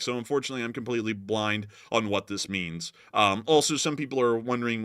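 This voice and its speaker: A man giving casual news commentary as host, animated with joking asides. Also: mid-range voice, dry recording, studio quality.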